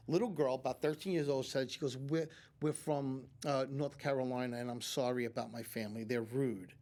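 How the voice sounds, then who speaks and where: Guesting on a talk show in a community TV studio, a psychic medium spins long anecdotes full of restarts and acted-out quotes. His voice is mid-range and a little mellow, with fairly even intonation, and he speaks fairly quickly with few pauses.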